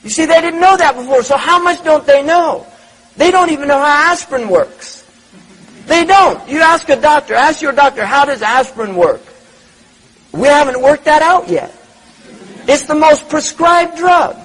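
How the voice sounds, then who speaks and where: A man's voice: extremely high pitch, normal speed, a bit bright, poor audio. A man giving a religious lecture, reflective, repeating words and asking rhetorical questions. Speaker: Islamic lecturer.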